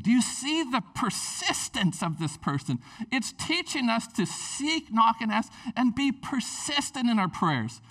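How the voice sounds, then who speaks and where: A man preaching a casual, excitable sermon, chatty and animated. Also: very high-pitched, unhurried, few pauses, far from the mic. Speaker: pastor.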